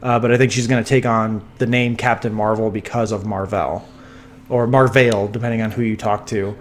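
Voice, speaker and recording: A man's voice: lowish voice, level tone, a little fast, slight background noise. A man co-hosting a casual podcast from home on a sensitive mic, talking eagerly with many restarts and fighting a dry cough. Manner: enthusiastic, rambling with restarts and fillers. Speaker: podcast co-host. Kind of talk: casual chat. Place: home room. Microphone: sensitive studio mic.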